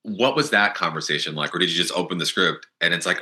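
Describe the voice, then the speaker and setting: Podcast host guy, super deep voice, chatty, sharp bright tone. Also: lively intonation, quick pace. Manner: chatty, conversational interviewer. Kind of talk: podcast interview.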